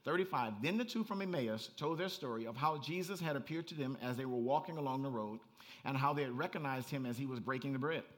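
Preaching fast in a mid-range voice, this male pastor keeps his sermon animated and conversational, building to near-shouts and dropping in laughing asides.

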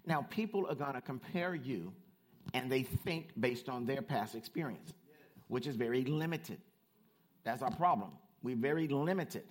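A man preaching a lively sermon, swinging between loud, emphatic lines and quieter explanations. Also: normal speed. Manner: animated, swings from shouting to low asides.

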